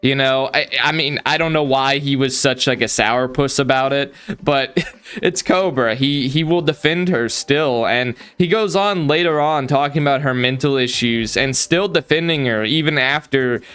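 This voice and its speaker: Guy doing commentary, smooth voice, lots of um and like, repeats words. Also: mid-range voice, moderate pace, fairly bright tone. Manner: hesitant, repeats words, frequent fillers. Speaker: commentary channel host. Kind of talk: commentary reaction.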